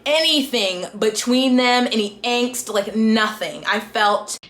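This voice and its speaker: A woman's voice: fairly high pitch, slow, a bit bright, reverberant. A woman giving an exasperated, casual book review rant and acting out the characters' lines along the way.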